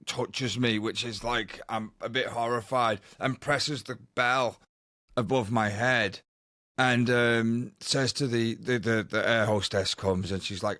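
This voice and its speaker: Man, mid pitch, rambling anecdotes, podcast co-host, dry close sound. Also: fairly even intonation, slow pace, bright, forceful tone, dry recording. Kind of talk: casual podcast chat.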